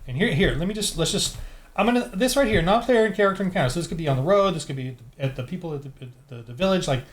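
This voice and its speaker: A man with a somewhat high voice talks casually into a desk microphone. He thinks aloud as he rolls dice and works out a tabletop adventure, in a loose, off-the-cuff tutorial manner. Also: animated, very fast. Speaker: tabletop game designer. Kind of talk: casual solo game-prep walkthrough.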